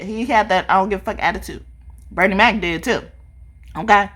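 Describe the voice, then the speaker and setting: A woman giving a casual spiritual tarot card reading, talking in an animated, profane way and laughing often. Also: low-pitched. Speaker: tarot reader.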